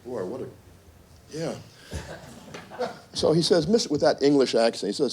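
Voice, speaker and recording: A man's voice: medium pitch, lively intonation, normal speed, long pauses, darkish tone, breathy edge. A middle-aged man, a university dean, giving a symposium talk full of wry asides and acted-out quotes. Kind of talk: symposium speech with anecdotes. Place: conference room.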